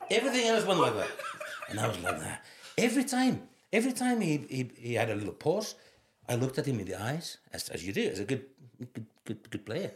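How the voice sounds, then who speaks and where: The interview features a former footballer from Finland, in his fifties and with a Finnish accent, whose high-pitched voice runs a little fast as he laughs through lively anecdotes. Roomy echo colors the recording.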